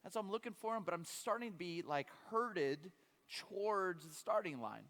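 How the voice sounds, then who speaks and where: A man giving a sermon as a guest preacher, telling a funny story in an animated way with frequent stammered restarts. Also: high voice, normal speed. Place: church sanctuary. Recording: long hall reverb.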